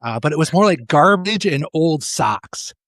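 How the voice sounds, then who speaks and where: A man's voice: on the high side, lively intonation, normal speed, fairly bright tone, no echo, studio quality. A middle-aged man, an executive coach, talking in a conversational interview and telling a personal story with many repeated words.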